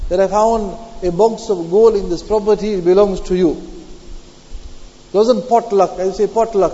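A man's voice: high-pitched, mellow. A male preacher giving a sermon that explains Quranic commentary, repeating his key phrases and weaving Arabic terms into his English. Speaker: Islamic preacher. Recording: dull lo-fi sound with long hall reverb.

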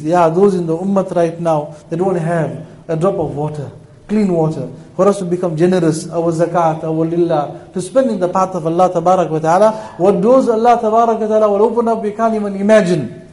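Impassioned high-voiced male preacher. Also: poor audio. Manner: impassioned, swinging between loud and hushed; storytelling with moral appeals. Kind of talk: sermon.

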